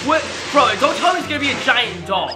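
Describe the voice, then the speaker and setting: Woman, high pitch, excitable reaction host, roomy echo, music bed. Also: quick pace. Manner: loud, excitable, addresses viewers as guys.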